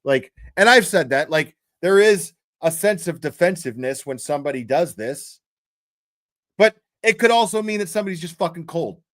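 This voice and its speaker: A man's voice: a little high, animated, moderate pace, a bit bright. A man telling a story on a livestream in a blunt, profane way, with many fillers and restarts. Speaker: true crime commentary streamer. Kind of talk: casual livestream commentary.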